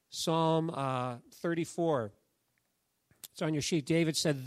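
A man preaching a sermon in a conversational way, telling the story with lively bursts and then dropping to a soft, hushed voice. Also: fairly high pitch, measured pace, no echo, clean studio sound. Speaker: pastor.

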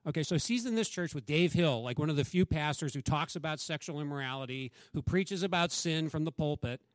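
A man's voice: fairly high pitch, expressive, brisk, no echo, clean studio sound. A man, a pastor, preaching a conversational sermon and acting out quoted dialogue.

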